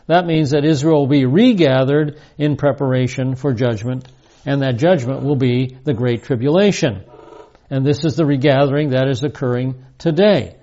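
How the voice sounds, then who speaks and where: A man giving a verse-by-verse Bible teaching in a measured, explanatory way, reading scripture aloud and then restating it in plain words. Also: mid-range voice, dark tone, muffled recording.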